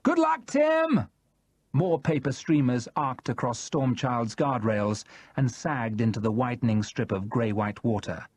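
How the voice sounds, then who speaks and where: A man narrating a novel in the first person, in a measured and expressive manner. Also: mid-range voice, husky, no echo. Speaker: audiobook narrator.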